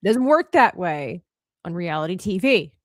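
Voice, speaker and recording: A woman's voice: lowish voice, unhurried, no echo, clean studio sound. A woman hosting an art livestream, chatting casually while she draws, telling stories with lots of laughter. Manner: animated storyteller who laughs often.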